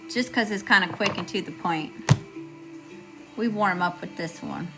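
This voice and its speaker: A woman's voice: fairly low pitch, unhurried, over loud music. A woman giving a live tarot reading, chatty and informal, greeting viewers and often checking in with "okay?". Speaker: tarot reader.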